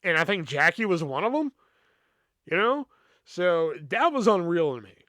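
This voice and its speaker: Man, somewhat high voice, smooth and clear, dry close sound, casual rambling podcast storytelling, swears freely. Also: very animated, moderate pace, pushed and bright, no room sound. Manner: rambling, profane, with filler words and restarts. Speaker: podcast host.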